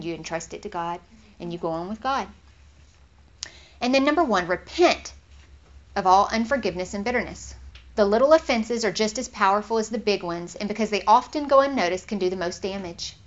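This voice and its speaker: Woman, Bible teacher, earnest, conversational, mid-pitched voice, slightly muffled recording. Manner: earnest, conversational, animated when quoting others.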